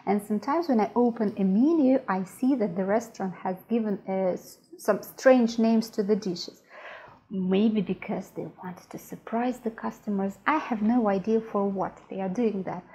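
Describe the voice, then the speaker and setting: A woman's voice: mid-range voice, warm tone, low-quality recording. A woman with a Russian accent teaching a language lesson, patiently repeating each word. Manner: patient, repeats words slowly.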